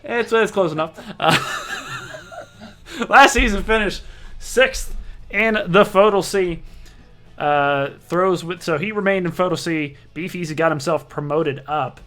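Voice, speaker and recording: A man's voice: sits high, unhurried, sharp tone, faint music behind. A man hosting a live online darts broadcast, introducing players and standings in a casual, joking way and often correcting himself mid-sentence. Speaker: league broadcast host.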